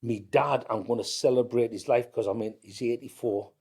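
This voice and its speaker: A man's voice: mid-range voice, fairly even intonation, normal speed, creaky, a little mellow, husky. A man in his fifties from County Durham with a North East English accent, telling family stories in a casual chat and often restarting words. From County Durham, England. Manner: anecdotal, repeats words as he restarts, mimics others in quotes. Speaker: podcast guest, family business owner.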